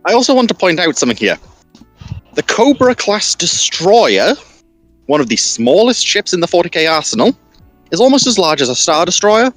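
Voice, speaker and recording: A man on a casual panel chat, animated and eager to jump in with his own points. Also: high voice, normal speed, no room sound, faint music behind. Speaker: panel guest.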